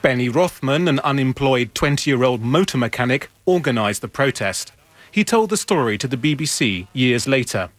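Narrator: man, mid pitch, measured scripted read, dry close sound. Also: animated, dry recording. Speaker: documentary narrator.

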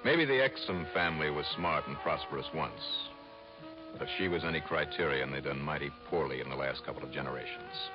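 Deep dry hard-boiled radio narrator, dull old recording with music. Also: male voice, fairly quick. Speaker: insurance investigator narrator. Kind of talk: 1950s radio drama acting.

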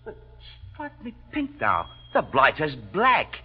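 A chummy young Australian lieutenant speaks in a husky, fairly high voice with an Australian accent. His pitch swings widely, and his talk is full of slang and hesitations. The sound is the dull, lo-fi tone of an old radio play. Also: wildly swooping pitch, slow, heavily acted. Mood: hearty. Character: cheery young Australian cavalry lieutenant, blunt. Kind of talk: 1940s radio acting.

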